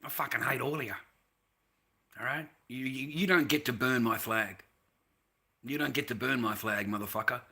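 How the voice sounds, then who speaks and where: A man's voice: mid-range voice, normal speed, pauses often, pushed and bright. An Australian man delivering a heated, profane ranting monologue, repeating himself and tossing in "mate" between sentences.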